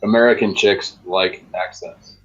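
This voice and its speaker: A man's voice: deep voice, fairly even intonation, a little slow, fairly bright tone. A young man in casual chat with friends indoors, crude and joking in a brash way. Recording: dull lo-fi sound.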